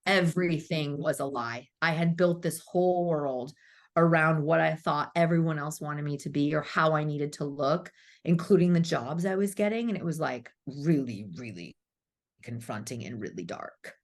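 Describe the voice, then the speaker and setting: She's a spiritual coach in her thirties whose voice sits low and moves at normal speed. Guesting on a podcast for an emotional storytelling interview, she's candid, swears freely, and acts out her past self.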